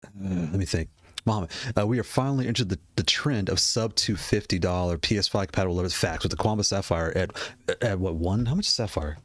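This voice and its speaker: A man's voice: sits low, brisk, no room sound, clean studio sound. A man casually talking about game controllers as he browses, rambling, repeating himself and laughing often. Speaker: gaming hardware video creator. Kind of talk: casual product talk while browsing.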